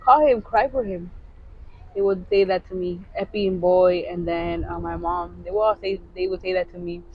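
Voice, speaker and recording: A woman co-hosting a podcast, telling a personal story in casual confessional chat, halting with many restarts. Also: lowish voice, little pitch movement, muffled recording, slight background noise. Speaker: podcast co-host.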